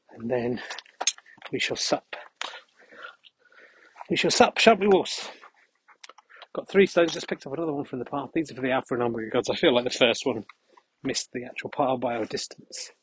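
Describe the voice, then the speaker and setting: A man hosting a podcast, rambling through a deadpan comic monologue outdoors while walking. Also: medium pitch, slight background noise, low-quality recording. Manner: deadpan, absurd asides. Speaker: podcast host. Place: outdoors on a dog walk.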